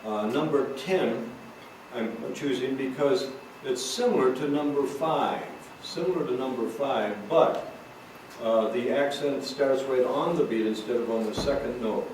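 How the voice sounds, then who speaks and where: A man teaching drum rudiments, patient and explanatory as he counts out beats. He is picked up from a distance in a very echoey room. A steady layer of room noise sits under his voice. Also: mid-range voice, measured pace. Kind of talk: recorded teaching session. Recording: roomy echo, distant mic, noisy.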